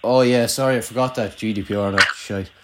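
A man's voice: medium pitch, steady tone, quick pace, heavy background noise. A young Irish man who hosts, telling rambling, sweary, self-mocking stories in casual banter with an old schoolmate.

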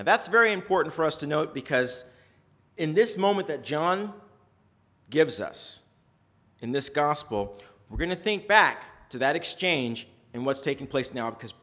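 Storytelling male preacher. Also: a little slow. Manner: conversational storytelling with lively pitch swings. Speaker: pastor. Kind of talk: sermon.

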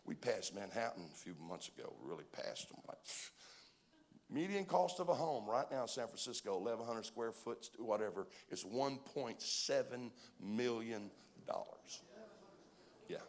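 A male pastor preaching a sermon, telling stories and swinging from hushed asides to shouts. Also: medium pitch, expressive, moderate pace.

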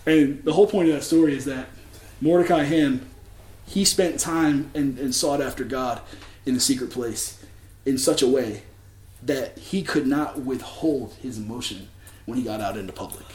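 A man's voice: mid-range voice, normal speed, darkish tone, reverberant. A man telling a story in a casual sermon, chatty, with many fillers and restarts. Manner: chatty, filler-heavy, with many likes and ums. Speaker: preacher.

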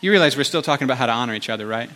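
A male pastor giving a conversational sermon, animated, with chatty asides to the congregation. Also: mid-range voice, racing.

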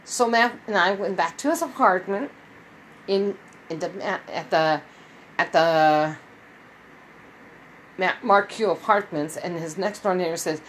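A woman's voice: medium pitch, a little slow, long pauses, fairly bright tone, poor audio. A woman telling her viewers a long personal story in a casual, rambling way, with many restarts and quoted dialogue. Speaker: vlogger.

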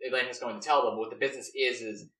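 A young man casually brainstorming a story, rambling with many fillers and animated restarts, recorded roomy and off-mic. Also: mid-range voice, very fast, far from the mic. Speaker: story co-writer.

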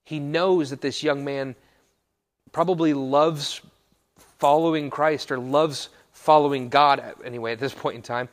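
A man preaching to a live audience in a hall, with a mid-range voice for his sex. He keeps it casual and playful, breaking into jokey asides and correcting himself as he goes. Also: medium pitch. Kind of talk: joking sermon to a live audience.

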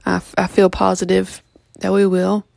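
A sleepy woman gives a casual update from home, her speech halting and full of ums and restarts. Her voice is gravelly and fairly flat in tone. The recording is close and dry. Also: medium pitch, no echo. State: just woke up, yawning. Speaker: vlogger giving a pet health update.

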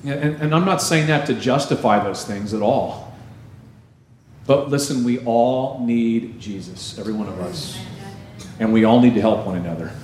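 Animated male pastor in echoey church. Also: medium pitch, a little hiss or hum. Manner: animated preaching, slows for scripture reading. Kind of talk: sermon.

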